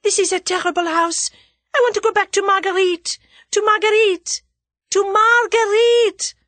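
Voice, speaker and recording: A woman reading aloud, voicing a quick-witted young maid who talks in hushed, urgent tones and breaks into shrill cries. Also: lively intonation, no room sound. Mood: shrill alarmed.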